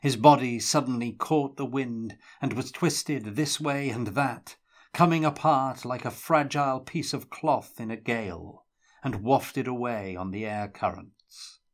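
A man reading a fantasy novel aloud in a measured, dramatic storytelling manner. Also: mid-range voice. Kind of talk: audiobook-style fiction reading.

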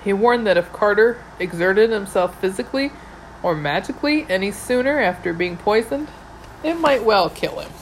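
A woman's voice: medium pitch, animated, normal speed, a little hiss or hum, rough recording. A woman narrating a novel in the first person, wry and dryly humorous. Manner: wry, dry humour. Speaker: audiobook narrator.

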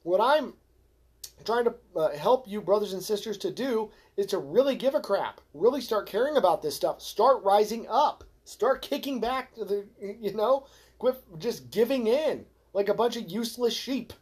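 A man hosting a podcast, ranting in a fervent, preachy way, calling his listeners folks and swinging from low mutters to loud exhortation. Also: lively intonation, moderate pace, slightly rough. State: frustrated. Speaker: podcast host. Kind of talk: ranting religious podcast monologue.

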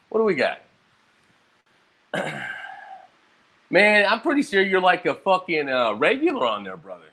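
Animated, profane young man rambling. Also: sits high, moderate pace, pauses often. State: hungover. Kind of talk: casual rambling monologue.

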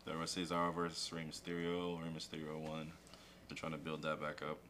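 A man's voice: rumbling low, completely flat delivery, fairly quick, a bit bright, a little hiss or hum. A man co-hosting a casual chat show, animatedly retelling events and acting out quotes, swearing casually. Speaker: podcast co-host. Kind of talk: casual chat recapping wrestling.

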